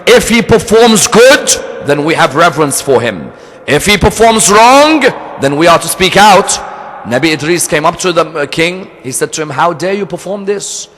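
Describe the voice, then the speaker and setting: This preacher's voice is on the high side and a bit bright, with a sing-song lilt at a moderate pace. He earnestly tells a story during his sermon and likes to throw rhetorical questions at the audience, all captured in the echoing hall of a religious center.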